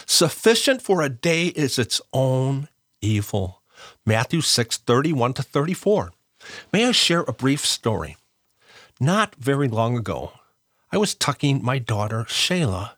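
A middle-aged man giving a gentle, earnest devotional reflection and reading scripture, sometimes dropping to a hush. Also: a little high, no room sound, clean studio sound. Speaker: Catholic devotional speaker.

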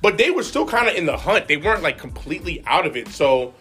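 A man with a fairly high, bright voice rattles off his sports opinions at a quick clip. He talks emotionally and restarts his sentences often. Faint music sits under the chat. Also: big pitch swings. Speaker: podcast co-host.

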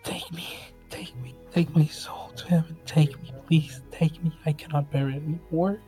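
A man's voice: a little high, little pitch movement, normal speed, dark tone, faint music behind, voice pushed up, close to an everyday voice. A man voicing a desperate beggar woman who pleads frantically, sometimes in a whisper. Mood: pleading. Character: desperate young woman beggar weeping blood.

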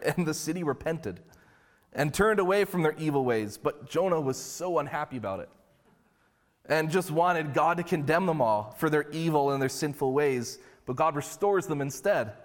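Conversational male pastor, echoing hall. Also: fairly high pitch. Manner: conversational, storytelling. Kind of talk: sermon. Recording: long hall reverb.

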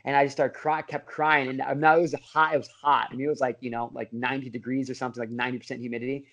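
A man's voice: medium pitch, little pitch movement, fast, fairly bright tone. A middle-aged man, a podcast guest, telling a story in a casual way, full of bro slang, fillers and restarts. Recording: dull lo-fi audio.

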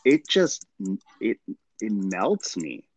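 A man hosting an interview, warmly affirming what his guest says. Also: lowish voice, huge pitch swings, extremely slow. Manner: agreeable, affirming. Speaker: podcast host. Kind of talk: interview conversation.

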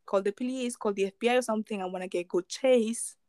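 A woman's voice: fairly high pitch, fast talker, darkish tone, dry recording, lightly acted. A woman voicing a cocky teenage boy fugitive who boastfully taunts strangers, in a dry, close-sounding recording. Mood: taunting.

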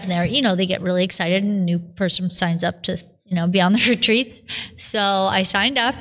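A religious sister telling her vocation story in a podcast interview, acting out the voices she quotes. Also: mid-range voice. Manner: animated storyteller who acts out her own quotes.

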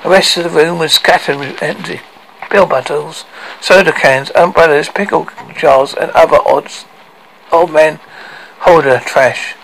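A man reading a story aloud in a halting way, often stopping to correct himself. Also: a little high, creaky, fairly bright tone, a little hiss or hum, poor audio. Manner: halting, with frequent self-corrections. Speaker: narrator.

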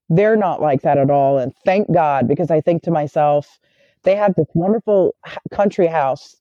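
A woman's voice: fairly low pitch, no room sound, lo-fi sound. A middle-aged woman with a Southern American accent, chatting casually and animatedly as a podcast co-host, swearing freely. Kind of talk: casual chat.

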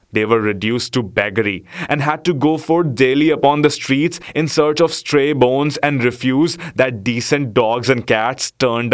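A man narrating a storybook tale in a measured, expressive way. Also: mid-range voice, clear, resonant tone.

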